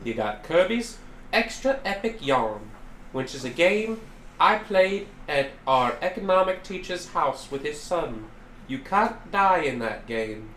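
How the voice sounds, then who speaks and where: Brief: young male podcast host, lively teasing delivery, roomy echoey room. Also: on the high side, unhurried. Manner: teasing, laughing, jumps in excitedly. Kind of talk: casual chat. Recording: roomy echo, faint hiss.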